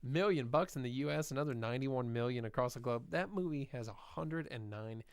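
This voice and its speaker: A man's voice: mid-range voice, brisk, smooth, dry recording, studio quality. A man co-hosting a podcast, running through box office figures in a casual, upbeat way with frequent fillers. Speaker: podcast co-host. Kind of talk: casual chat, reading box office numbers.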